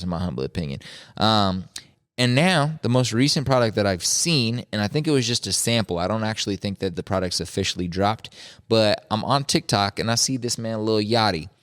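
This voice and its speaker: A man's voice: sits low, smooth. A man hosting a podcast, chatting casually in a laid-back, slangy, opinionated way. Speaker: podcast host. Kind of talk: casual chat.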